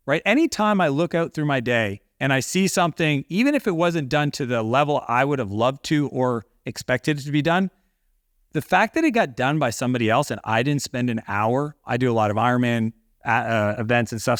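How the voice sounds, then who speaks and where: A man's voice: medium pitch, no room sound, clean studio sound. Earnest man talking business mindset. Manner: earnest, reflective, filler-heavy. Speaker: guest, business owner. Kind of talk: casual interview talk.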